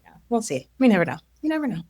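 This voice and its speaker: A woman's voice: a little high, sing-song, very fast, darkish tone, no echo. A woman in her forties, a leadership coach guest, telling her story in casual conversation, acting out quotes and laughing often. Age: 40s.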